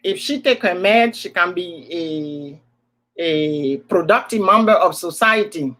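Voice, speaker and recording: A woman's voice: on the low side, lively intonation, a little slow, a bit bright, low-quality recording. A woman with an African accent, telling a personal story as a host in a casual chat, repeating words for emphasis.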